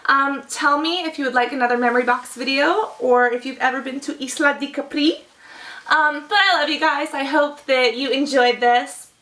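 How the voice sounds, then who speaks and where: A woman's voice: high-pitched, moderate pace, sharp tone, echoey room, far from the mic. A young woman vlogger in casual chat, gushing and chatty with lots of likes and oh-my-gods.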